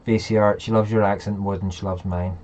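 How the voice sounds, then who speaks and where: A man's voice: on the low side, flat delivery, fairly quick, a little mellow, muffled recording, a little hiss or hum. A man hosting a casual live chat, rambling and talking straight to his viewers. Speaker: livestream host.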